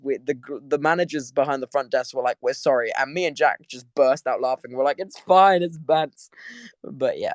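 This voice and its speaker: A young English man rambles through a story from his bed, laughing and tripping over his own restarts. He sounds tired from little sleep, with a mid-pitched voice and a dry, close sound with no room echo. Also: a little mellow. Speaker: host. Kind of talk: casual chat on a live audio stream. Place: sitting in bed at home.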